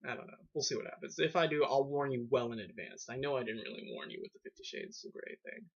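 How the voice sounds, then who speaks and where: A man's voice: mid-range voice, lively intonation, fast talker, creaky, breathy edge. A man casually reviewing books on a vlog, rambling with lots of fillers and sarcastic asides. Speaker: video book reviewer. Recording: dull lo-fi webcam audio.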